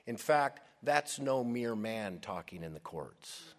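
Slow, emphatic male preacher in a hall. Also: medium pitch, expressive. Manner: emphatic preaching, slow and deliberate with dramatic stresses. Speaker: pastor. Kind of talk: sermon.

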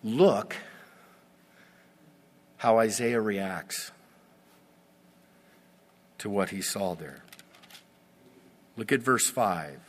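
A man preaching a sermon, slow and emphatic, with dramatic pauses and sudden swells in volume. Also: fairly low pitch, lively intonation. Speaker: pastor.

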